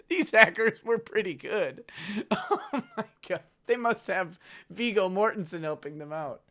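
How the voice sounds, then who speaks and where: A man's voice: high voice, sing-song, measured pace, fairly bright tone. A man hosting a show, reading a book aloud with sarcastic asides and frequent laughter. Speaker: host. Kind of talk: mocking dramatic reading of a book.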